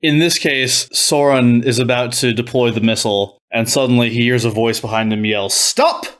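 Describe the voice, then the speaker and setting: A man's voice: medium pitch, fairly even intonation, fairly quick, fairly bright tone. A man telling an improvised comic story on a podcast, easygoing with small hesitations. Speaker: podcast player.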